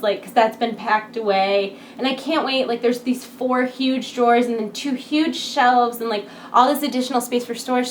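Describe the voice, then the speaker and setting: A woman in her twenties vlogs casually to camera from her home, using a computer desk microphone setup. Her voice is fairly high-pitched, her speech full of filler words, and there's slight background noise.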